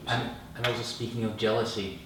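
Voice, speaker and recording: A man's voice: lowish voice, level tone, a little fast. A man interviewing a guest, asking questions with some hesitation and repeated words. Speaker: interviewer, host. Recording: echoey room, from far off, faint noise.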